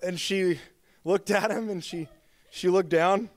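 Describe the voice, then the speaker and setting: A man's voice: high-pitched, fairly even intonation, a little slow. A man preaching a sermon as pastor, telling stories in a casual, chatty way with lots of filler words. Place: church.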